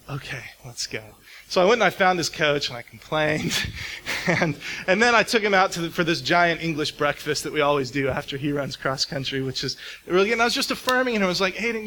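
A man's voice: on the high side, sharp tone, a little hiss or hum. A middle-aged man preaching a sermon to a congregation, telling a personal story in a conversational way and asking the room questions. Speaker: pastor. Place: church hall before a congregation.

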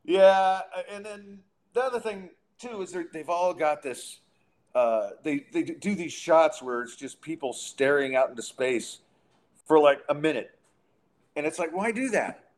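A man's voice: fairly high pitch, measured pace. A man hosting a casual talk podcast. He rants with an exasperated edge and trips over his words as he goes. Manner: exasperated, ranting, lots of restarts. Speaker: podcast host. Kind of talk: casual chat and rant.

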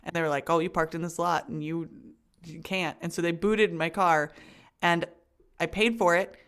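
A woman's voice: lowish voice, fairly even intonation, moderate pace, fairly bright tone, smooth. A young adult woman co-hosting a podcast in casual chat, playful, often laughing and acting out quotes. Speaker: podcast co-host.

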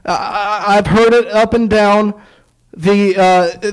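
High-voiced storytelling preacher man. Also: steady tone, slow pace, clear, resonant tone, rough recording. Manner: storytelling, acts out dialogue, sarcastic asides. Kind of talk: sermon.

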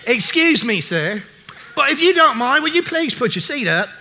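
A woman's voice: sits high, big pitch swings, moderate pace, sharp tone, pitched above the performer's own voice, exaggerated voice. A man voicing a prim, proper British female flight attendant who speaks politely in a British accent.

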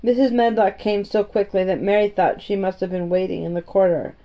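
A woman narrating a storybook in a gentle, even-paced reading voice. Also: mid-range voice, brisk. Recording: dull, muffled audio.

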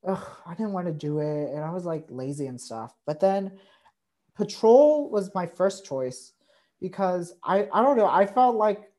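A woman's voice: on the low side, animated, a little slow, warm tone. Young woman hosting a podcast, chatty, lots of likes and fillers. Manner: chatty, frequent fillers and backchannels. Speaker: podcast host. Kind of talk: casual chat.

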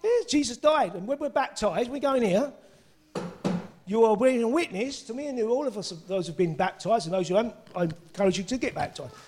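A middle-aged man preaching a sermon, excitable and breaking into shouts and exclamations. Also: high-pitched, a little fast, a little hiss or hum.

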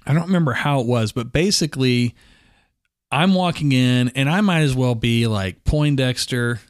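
A man's voice: medium pitch, moderate pace, no room sound, clean studio sound. Laughing, self-mocking man telling stories. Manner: self-deprecating, laughs often through his stories. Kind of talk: casual storytelling chat.

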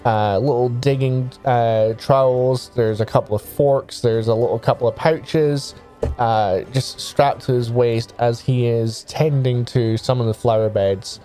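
A man runs a tabletop game, narrating scenes in meandering, filler-laden descriptions. His tone is dark and mellow, and quiet music plays underneath. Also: medium pitch, steady tone, a little slow. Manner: rambling, hesitant descriptions with many fillers. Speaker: game master.

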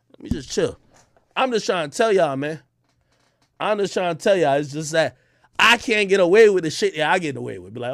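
Loud, boastful man on a high-pitched rant. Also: lively intonation, normal speed, gravelly, no room sound, clean studio sound. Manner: loud, boastful, profane trash talk. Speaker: online personality. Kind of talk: ranting to camera.

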